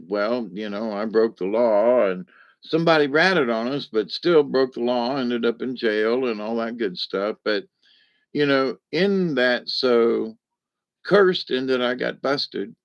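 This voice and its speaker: A man telling stories in a folksy, rambling way, often chuckling, in a casual monologue. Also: medium pitch. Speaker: vlogger. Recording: dull lo-fi recording.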